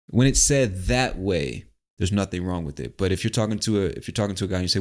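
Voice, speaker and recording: A man from the United States hosts a solo podcast in a relaxed, conversational way. His voice sits very low, and he talks loosely, with frequent swearing. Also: quick pace. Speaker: podcast host. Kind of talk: casual podcast monologue.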